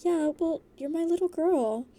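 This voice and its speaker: A woman's voice: very high-pitched, normal speed, dark tone, pitched above the performer's own voice. A woman voicing a cheerful, teasing young woman in a storybook reading. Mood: playful.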